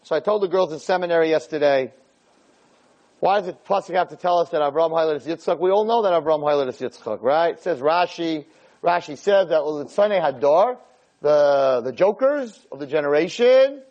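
A rabbi giving a Torah lecture to a live audience in a room. He speaks emphatically, repeats his points and swings his pitch up and down. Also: animated, brisk, darkish tone, dull audio.

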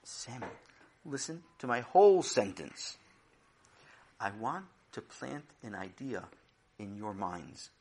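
A man playing a patient, calm rabbi. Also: fairly low pitch, slightly rough, full character voice. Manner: measured, patient, slow.

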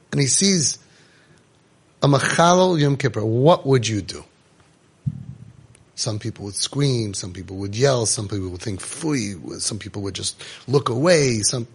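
A man's voice: mid-range voice, a bit bright, husky. A man, giving a storytelling Torah class full of Yiddish and Hebrew words and rhetorical questions. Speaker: rabbi giving a Torah talk.

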